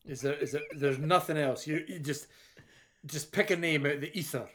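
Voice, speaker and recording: A man's voice: fairly high pitch, brisk, a bit bright. A man joking around as a player in a casual podcast quiz, playfully defiant.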